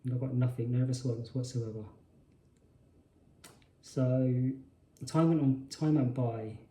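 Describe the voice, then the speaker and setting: Mellow man recounting a memory. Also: mid-range voice, steady tone, slow pace. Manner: hesitant, often restarting and correcting himself. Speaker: spiritual channel host. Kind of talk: personal storytelling monologue. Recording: roomy echo.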